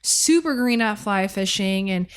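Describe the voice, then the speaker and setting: A woman guest on a podcast, telling a fishing story in a casual, animated way with many fillers. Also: mid-range voice, measured pace, clear, resonant tone.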